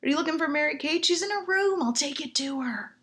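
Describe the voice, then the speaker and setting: A woman's voice: a little fast, pushed and bright. A woman voicing an eager, friendly male dog who trusts strangers, in a stand-up bit. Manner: chirpy, high and eager.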